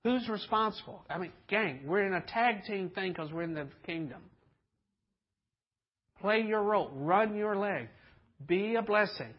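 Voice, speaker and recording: A man with a high, husky voice preaches in a loose storytelling way, cracking jokes and slipping into the voices of the people he describes. The sound is a little dull and muffled. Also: lively intonation, unhurried. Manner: folksy and joking, acts out voices in stories. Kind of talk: storytelling sermon.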